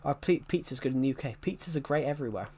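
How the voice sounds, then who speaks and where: A man's voice: mid-range voice, lively intonation, racing, darkish tone, slightly rough. A young man with an English working-class accent from a former mining area, chatting casually on a livestream, rambling, restarting sentences and answering chat. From England.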